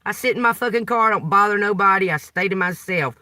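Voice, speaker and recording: A woman's voice: mid-range voice, fast talker, sharp tone, no echo. A woman ranting in a profane, agitated way, recorded a little away from the mic in a dry car. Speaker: tarot reader. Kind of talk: unscripted venting vlog.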